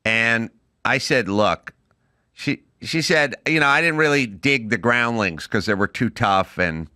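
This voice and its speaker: A middle-aged man hosting a casual talk show, telling stories in a lively way and acting out the voices of people in them. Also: mid-range voice, normal speed, dry recording, studio quality. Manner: animated storyteller, acts out loud impressions of a yelling teacher. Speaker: podcast host. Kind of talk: casual chat.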